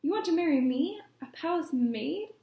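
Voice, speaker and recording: A woman voicing a tired, clumsy but kind young palace maid in a storybook reading, in a plaintive, exclaiming way. The voice sits noticeably higher than her usual talk. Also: animated, normal speed, gravelly, dark tone. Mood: astonished. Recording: echoey room.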